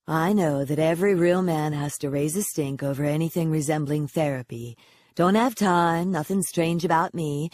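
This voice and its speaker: A woman voicing a confident thirty-something female psychologist with a mildly hoarse voice, self-assured and smiling. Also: sits low, a little mellow, no echo. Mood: amused.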